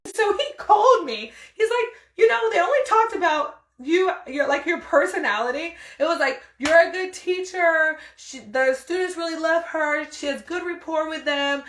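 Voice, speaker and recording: A young woman hosts her podcast and tells a story in a lively, exasperated way, acting out what everyone said. Her voice sits high. The room around her is echoey. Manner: animated, exasperated storytelling with quoted dialogue. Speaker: podcast host. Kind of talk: casual storytelling.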